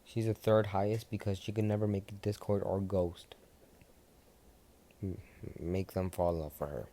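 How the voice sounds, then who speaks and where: A man's voice: sits low, flat delivery, normal speed, dark tone. A young man casually telling a fan story, rambling and swearing freely.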